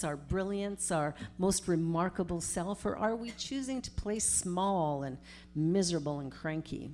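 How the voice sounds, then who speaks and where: A middle-aged woman, a minister giving a storytelling sermon in a conversational, animated way. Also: lowish voice, a little hiss or hum. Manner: conversational, animated retelling with acted-out quotes.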